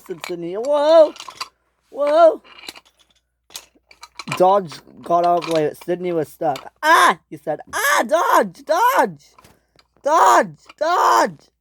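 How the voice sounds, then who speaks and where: A young man, likely a boy, narrating an improvised toy train story, excitable, with frequent restarts and loud screams for the characters. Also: fairly high pitch, a little hiss or hum.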